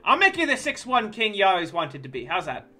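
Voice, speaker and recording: Lively, bright-voiced joking game streamer. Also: medium pitch, a little fast, husky, soft background music. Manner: joking, profane, chatty with viewers. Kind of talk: casual gameplay commentary.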